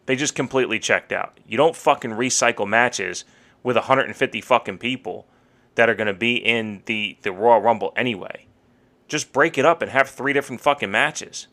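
A man's voice: mid-range voice, bright, forceful tone. A young man co-hosting a podcast, ranting heatedly in casual talk and swearing freely. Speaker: podcast co-host.

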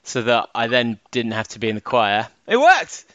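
A man co-hosting a podcast in casual chat, laughing often and swinging between high and low. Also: wildly swooping pitch, moderate pace, sharp tone, no echo, lo-fi sound. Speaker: podcast co-host.

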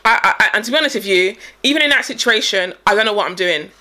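A woman in casual chat, excitable, reacting loudly and laughing. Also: medium pitch, fast talker.

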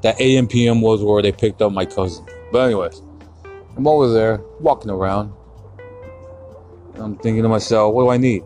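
A man's voice: fairly low pitch, moderate pace, pauses often, warm tone, soft background music. A man hosting a podcast, ranting through a heated, profanity-laden story. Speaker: podcast host. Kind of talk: casual podcast rant.

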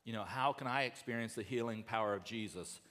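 Earnest pastor preaching in a reverberant hall. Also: male voice, lowish voice, fairly quick, a bit bright. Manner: conversational, earnest preaching with fillers and asides. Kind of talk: sermon.

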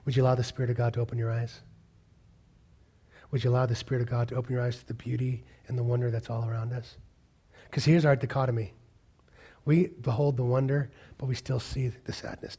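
A male pastor preaching a sermon with passion, rising to loud peaks and dropping to hushed whispers. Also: mid-range voice, little pitch movement, fairly quick, husky.

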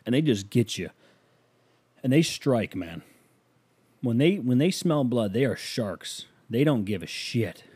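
A man hosting his own podcast in loose, joking casual chat, rambling with sudden jumps in pitch. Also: animated, measured pace, long pauses, a little mellow, breathy edge, no echo. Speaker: podcast host.

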